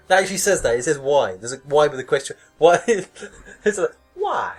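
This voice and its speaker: A young man with a slightly high voice reads a scary story aloud for laughs. He keeps breaking off into sarcastic, mocking commentary full of swearing and giggles, and faint music plays underneath. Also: expressive, normal speed, pauses often, breathy edge. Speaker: podcast host reading stories. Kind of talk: comedic reading with sarcastic commentary.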